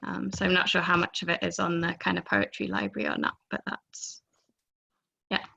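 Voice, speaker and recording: A woman reading a poem aloud on a video call, giving the quoted lines lively voices. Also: fairly low pitch, normal speed, vocal fry, slightly rough. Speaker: poetry reader.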